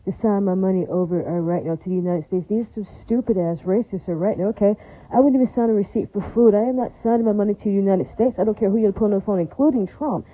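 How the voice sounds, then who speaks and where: A woman's voice: medium pitch, fast, dry recording. A woman delivering an angry, repetitive, profane rant to her viewers in a vlog. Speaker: vlogger. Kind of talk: ranting vlog monologue. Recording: dull lo-fi recording.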